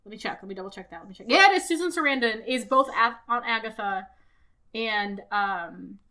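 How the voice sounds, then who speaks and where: A woman with a bright, forceful voice that sits a little high. She co-hosts a podcast in loose, animated chat, full of swearing and quick self-corrections. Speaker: podcast co-host. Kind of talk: casual chat reviewing a cartoon.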